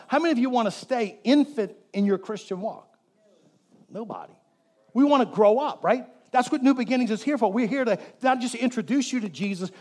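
High-voiced, jokey pastor preaching a sermon. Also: male voice. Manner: animated and jokey, prompting the congregation to repeat words. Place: church.

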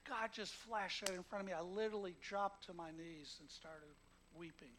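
A man with a notably high voice preaches a sermon. He tells stories and acts out the quotes, dropping to a hush and then rising to loud, emphatic emphasis. Faint ambient noise sits behind him. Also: fairly even intonation, normal speed, low-quality recording. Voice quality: emotional, emphatic. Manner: storytelling with acted quotes, swinging from hushed to loud.

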